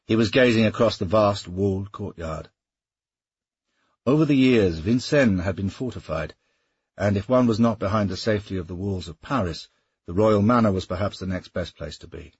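A man narrating a historical novel in a steady, measured audiobook reading. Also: lowish voice, breathy edge, no echo, highs cut off.

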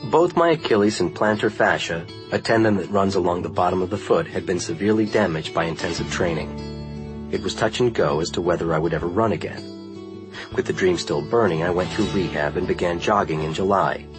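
A man narrating a first-person memoir in a measured, earnest reading style. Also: low voice, over music, poor audio. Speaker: audiobook narrator.

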